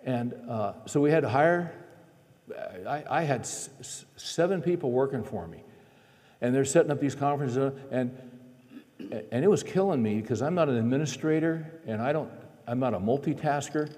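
A man preaching a sermon, telling a personal story in an animated way, his voice climbing as he acts out his frustration. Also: medium pitch, moderate pace, long reverb tail.

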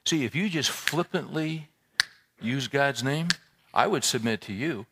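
Animated conversational man preaching a sermon. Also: mid-range voice, unhurried, background noise. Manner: conversational, animated preaching with rhetorical questions and repetitions. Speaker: pastor.

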